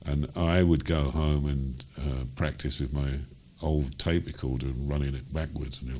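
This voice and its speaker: Very deep-voiced older Cockney man. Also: steady tone, normal speed, warm tone, a little hiss or hum. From London, England. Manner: rambling, many ums and you-knows, chuckles as he talks. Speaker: jazz singer. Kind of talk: interview storytelling.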